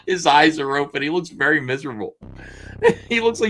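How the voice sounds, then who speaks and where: A man's voice: a little high, very animated, normal speed, long pauses, sharp tone. A man co-hosting a podcast, talking casually and mockingly as he pages through a comic and sketches at his desk, laughing often and swearing. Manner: drawing at the desk while talking. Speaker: podcast co-host. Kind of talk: casual commentary while paging through a comic.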